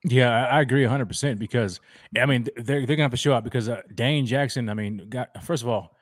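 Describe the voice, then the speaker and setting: A man's voice: mid-range voice, no echo. Heated male co-host, casual sports chat, dry close sound. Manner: emotional, emphatic, quick to get heated.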